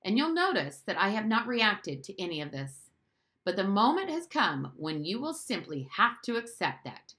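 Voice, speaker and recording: A woman reading the lines of a stern, quietly commanding middle-aged father in an audiobook. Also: medium pitch, very animated, pitched above the performer's own voice. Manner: measured, quiet, authoritative.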